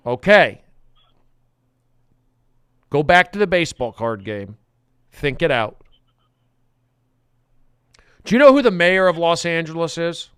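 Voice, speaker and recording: A man hosting a comedic podcast in a studio, intense and repetitive, swinging from muttering to loud outbursts. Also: on the high side, expressive, slow, pauses often, clear, resonant tone, dry recording. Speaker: podcast host.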